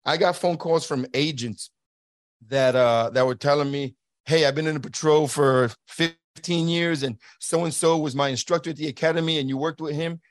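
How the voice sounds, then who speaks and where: This middle-aged man's voice is on the high side, with fairly even intonation and a moderate pace, in clean studio audio with no echo. A former border agent and guest, he sincerely relates a personal story, voicing the people he quotes and restarting often.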